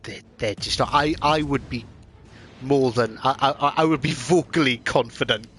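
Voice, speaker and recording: A man's voice: medium pitch, a bit bright, slight background noise. A middle-aged man hosting a gaming voice chat, confident but stumbling through restarts. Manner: slow, repetitive restarts, confident. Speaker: channel host, gamer. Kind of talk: casual voice chat while gaming.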